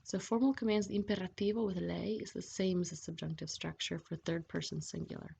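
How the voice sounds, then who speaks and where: Gravelly low woman teaching grammar. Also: fairly even intonation, brisk, warm tone. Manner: patient, checks in with frequent "okay?". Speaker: Italian language teacher. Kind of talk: explaining grammar over slides. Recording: dull lo-fi voice-over with faint hiss.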